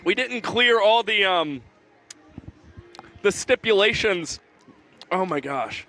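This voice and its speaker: A young man commentating a baseball broadcast, chatting casually and rattling off crew shout-outs while sweating from hot sauce. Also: high voice, expressive, slow, soft background music, rough recording.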